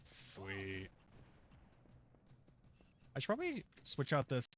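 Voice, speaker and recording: A man's voice: medium pitch, wildly swooping pitch, takes it slowly, fairly bright tone, soft background music. A man commentating his own gameplay in a casual, joking way, with swearing. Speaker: gamer in recorded video.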